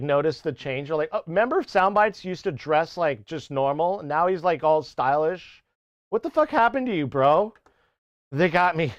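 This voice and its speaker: A man rambles through a live stream in a loose, profane way, often cutting himself off and trying out silly accents. His voice sits a little high and comes across smooth. The mic is close and dry with a slightly muffled top end. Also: no room sound. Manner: rambling, swearing, self-interrupting; playful mock accents for chat. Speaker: music streamer. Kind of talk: casual live-stream chat.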